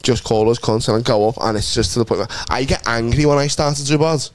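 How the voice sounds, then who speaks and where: A man, a stand-up comedian and podcast co-host telling sweary, animated stories in casual chat. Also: medium pitch, quick pace, no room sound.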